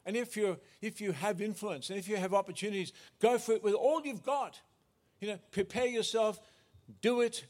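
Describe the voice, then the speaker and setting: A man preaching a sermon as pastor, earnest, often restarting and correcting himself. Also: high voice.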